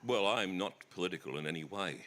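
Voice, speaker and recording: Australian male guest, middle-aged, deep and lively, bright-toned, stammering and self-deprecating on a festival stage. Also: fast talker, slight background noise. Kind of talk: onstage conversation.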